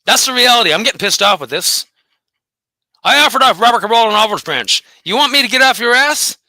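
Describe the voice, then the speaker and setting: A man's voice: extremely high pitch, expressive, fast, pushed and bright, dry recording. A man ranting angrily and profanely to his viewers as host of his own channel, taunting his critics. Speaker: host of a dog behavior channel. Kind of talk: angry solo rant.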